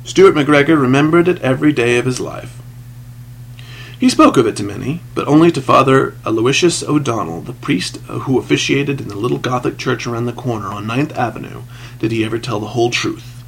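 A man's voice: medium pitch, a little fast, creaky, slightly rough, rough recording. A man narrating a story from a script, with dramatic, shifting emphasis. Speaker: audiobook narrator.

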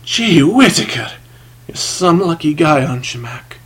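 A man's voice: on the high side, very animated, unhurried, fairly bright tone, slightly rough, voice pushed up, heavily acted. A man doing a weak, nervous card player. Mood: rueful. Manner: choked, raised exclamations. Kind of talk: audiobook character reading.

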